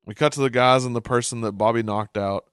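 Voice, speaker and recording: A man's voice: medium pitch, steady tone, fairly quick, fairly bright tone, clear, resonant tone. A man with a mid-range voice who recaps a cartoon episode in a loose, casual way, chuckling often and reading out captions. The sound is close and dry, with no room echo. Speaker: show recap host.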